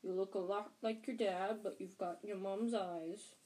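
A woman's voice: medium pitch, steady tone, a little slow, dark tone, natural voice, poor audio. Hagrid, a woman reading as a hearty giant. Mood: gruff friendly. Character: huge gruff kindly giant man. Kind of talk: audiobook character voice.

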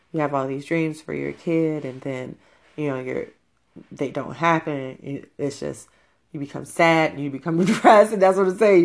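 Woman, deep speaking voice, frank and profane, casual personal talk. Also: creaky, darkish tone. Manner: blunt, profane, conversational.

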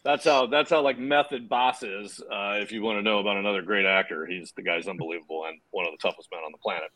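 A man being interviewed about his work, telling stories in a relaxed, casual way with fillers and some swearing. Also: fairly low pitch, fast talker, rough recording. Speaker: guest filmmaker and actor.

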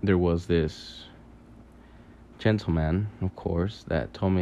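A man telling a long dream story in a halting, rambling way, full of fillers, restarts and casual swearing. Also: sits low, fairly even intonation, dark tone, lo-fi sound, a little hiss or hum. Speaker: podcaster recounting a dream.

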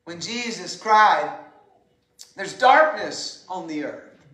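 A woman preaches with deliberate, unhurried pacing and a bright, ringing tone. Her delivery is impassioned and swells into shouts. The sound carries the echo of a roomy church sanctuary. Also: on the low side, lively intonation. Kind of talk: sermon.

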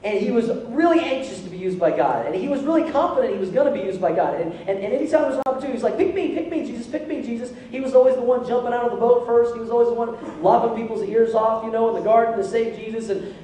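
A male pastor preaching a sermon in a church, animated, calling out to the congregation for responses. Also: very high voice, very fast. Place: church sanctuary. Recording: echoey hall from far off.

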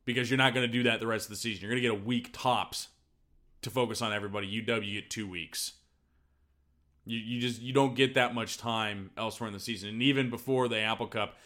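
A man's voice: lowish voice, bright, forceful tone. A man hosting a podcast in casual chat, rambling and enthusiastic, joking at his own expense. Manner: rambling, enthusiastic, self-deprecating. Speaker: podcast host.

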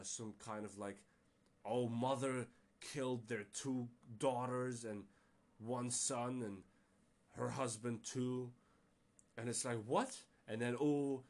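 A man talks through a casual solo podcast episode in a loose, rambling way. He stumbles over restarts and fillers and leans into an exasperated, ranting tone. His voice sits at an ordinary middle pitch for a man. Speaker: podcast host.

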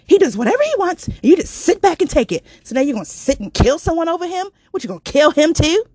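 A woman voicing her brash, foul-mouthed male best friend, loud and blunt. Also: extremely high pitch, big pitch swings, fast, dry recording, voice pushed up, heavily acted. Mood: scolding.

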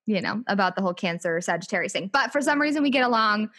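A woman's voice: mid-range voice, expressive, quick pace, pushed and bright. A woman co-hosting a podcast in casual chat, chatty and laid-back with casual swearing. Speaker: podcast co-host.

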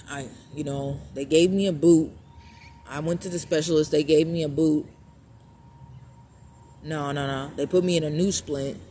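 Blunt, profane man telling a story. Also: a little high. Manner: blunt, profane, with frequent restarts and repeats. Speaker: vlogger. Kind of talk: casual personal storytelling. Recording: clear steady background noise.

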